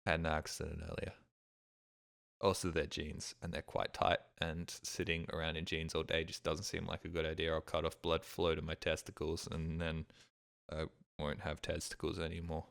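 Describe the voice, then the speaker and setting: A man's voice: extremely low pitch, completely flat delivery, normal speed, creaky, fairly bright tone, no room sound, studio quality. A man streaming a game, rambling with crude, self-mocking jokes in casual commentary.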